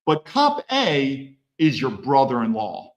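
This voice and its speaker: A man as a podcast guest telling stories in an animated, blunt and profane way. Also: mid-range voice, takes it slowly, lo-fi sound. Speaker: podcast guest, former federal agent. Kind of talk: animated conversational storytelling.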